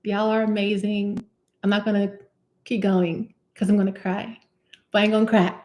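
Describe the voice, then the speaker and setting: A woman's voice: medium pitch, flat delivery, moderate pace, darkish tone. A young woman, a cosmetic chemist, chatting casually on a livestream Q&A, reading out comments, repeating herself and laughing often. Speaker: cosmetic chemist hosting a live Q&A.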